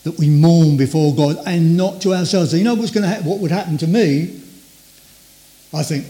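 An older man preaching a sermon in a conversational way, acting out inner voices and trailing off softly. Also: fairly high pitch, moderate pace.

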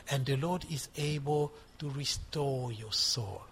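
Husky-voiced older man preaching. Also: mid-range voice, slow, a bit bright. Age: 60s. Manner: emphatic, rising and dropping in volume, repeating for stress. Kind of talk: sermon.

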